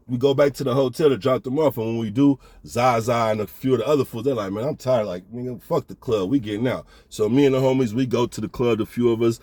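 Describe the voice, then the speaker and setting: A man's voice: mid-range voice, a little mellow, no room sound. Chill slangy guy spinning a story, mid voice, dry close sound. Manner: laid-back, slangy, addresses listener as big baby. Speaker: storyteller host. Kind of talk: casual storytelling.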